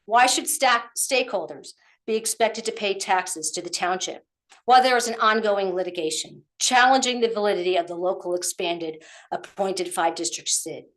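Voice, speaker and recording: A woman's voice: medium pitch, moderate pace, fairly bright tone. A woman, out of breath, giving a pointed public comment at a township meeting and firing off rhetorical questions. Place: council meeting room.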